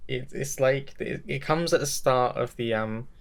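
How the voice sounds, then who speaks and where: A young man with a gravelly edge to his voice and a middle pitch chats casually on a podcast. He rambles enthusiastically and pokes fun at himself as he goes. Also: unhurried. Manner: rambling, enthusiastic, self-mocking. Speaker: podcast co-host.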